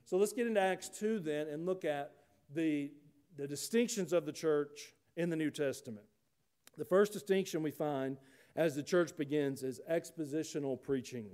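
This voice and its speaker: A man's voice: fairly high pitch, normal speed, a little mellow. A man preaching a sermon, folksy and conversational, rising to emphatic rhetorical questions. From United States. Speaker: pastor.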